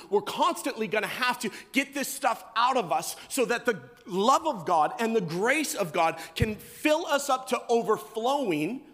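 High-voiced preacher in a big echoing hall. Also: male voice. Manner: animated storytelling with acted-out voices and shouts. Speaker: pastor. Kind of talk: sermon. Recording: long reverb of a large hall.

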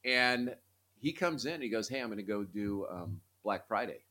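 A middle-aged man co-hosting a casual chat, telling family stories in an animated way and often restarting his sentences. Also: on the low side, moderate pace. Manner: animated, repeats himself when telling stories. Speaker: podcast co-host.

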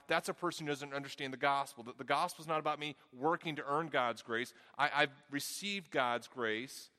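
Here a middle-aged Southern-born pastor, his twang worn down by Midwest living, gives an earnest sermon in a bright, forceful voice that is a little high and a little fast. A big hall's long reverb surrounds him. He tends to repeat words while working through each thought.

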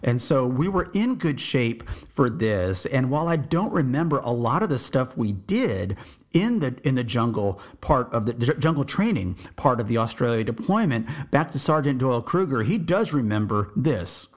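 A man from Texas recalls his army days at an easy, reflective pace. His voice sits at a middling pitch. He wanders through the story and often restarts his sentences. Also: very animated, normal speed. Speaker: podcast host and army veteran. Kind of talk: storytelling memoir.

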